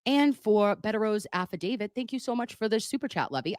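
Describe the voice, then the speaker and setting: A woman's voice: mid-range voice, expressive, fairly quick, hardly any pauses, a little mellow, dry recording, studio quality. A woman hosting a casual live stream on a webcam, chatty and joking as she reads viewer messages aloud. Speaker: livestream commentator.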